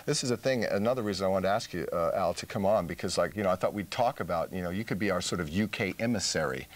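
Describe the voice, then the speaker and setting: A man's voice: deep voice, quick pace. A man hosting a comic chat show, teasing and rambling playfully with his guest. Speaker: show host.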